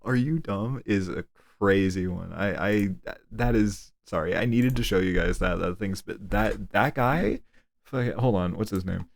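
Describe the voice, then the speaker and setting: A man's voice: on the low side, unhurried, creaky, no echo. A young man streaming live, chatting casually, rambling and swearing freely.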